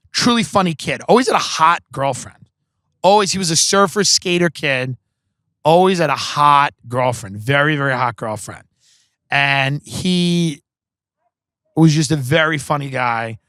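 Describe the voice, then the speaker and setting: His voice is a little high, pushed and bright, recorded with no echo. He's a Long Island podcast host delivering comedic stories that wander, curse a lot and brim with filler words.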